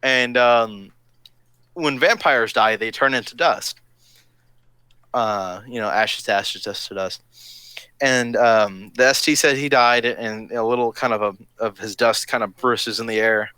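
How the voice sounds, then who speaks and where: Bright-voiced man rambling casually. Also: mid-range voice, a little slow, clear, resonant tone, no echo. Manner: rambling, digressive, cheerfully provocative. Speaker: live stream host. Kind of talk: casual chat.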